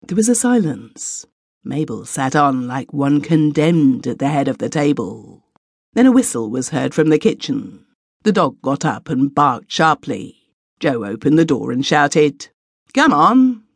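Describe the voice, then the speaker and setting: Expressive, gravelly woman narrating a classic. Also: sits low, a little slow, dry recording, clean studio sound. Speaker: audiobook narrator. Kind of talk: scripted literary narration.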